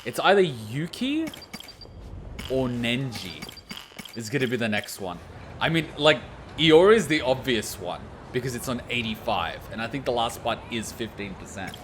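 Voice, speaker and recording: A man hosting a casual game reaction video, excitable, swearing freely and laughing often. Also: medium pitch, moderate pace, slight background noise. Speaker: let's play host.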